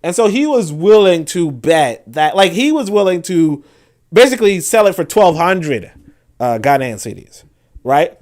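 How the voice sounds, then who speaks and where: A man's voice: high voice, big pitch swings, unhurried, a little mellow. A man hosting a casual livestream, speaking to viewers in a rambling, conversational way, with frequent restarts and asides. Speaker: host.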